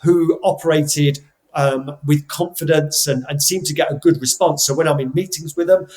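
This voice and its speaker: Middle-aged english guy on a podcast, a bit higher voice, thinks aloud, lots of "so, so" restarts. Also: fairly even intonation, normal speed, darkish tone, low-quality recording. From England. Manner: thoughtful, frequent restarts and repeated words. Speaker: podcast guest. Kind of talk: reflective storytelling.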